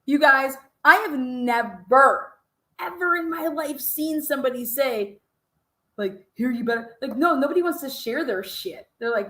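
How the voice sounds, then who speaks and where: Woman, high voice, foul-mouthed, mocking, incredulous, echoey room. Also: measured pace, pushed and bright. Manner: mocking, swearing, laughing, incredulous. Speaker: podcast host reacting to a clip. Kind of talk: profane reaction commentary.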